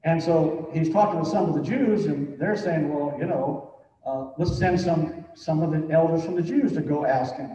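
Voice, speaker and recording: A man's voice: a little high, normal speed, warm tone, a little hiss or hum. A man preaching a sermon as pastor, talking in a conversational way with many "you know"s and building to emphatic points. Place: church sanctuary. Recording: echoey church hall from far off, dull sound.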